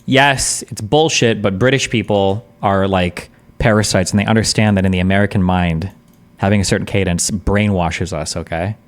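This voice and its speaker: A man's voice: low voice, steady tone, moderate pace. A man streaming casual commentary as he reacts to a debate, blunt, profane and sarcastic.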